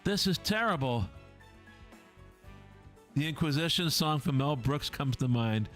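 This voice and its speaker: A man's voice: a little high, a little slow, soft background music. A man reading a visual novel aloud in a dramatic way, acting out the characters and adding his own asides. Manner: lively, voices each character, adds asides. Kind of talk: dramatic read-through of a game.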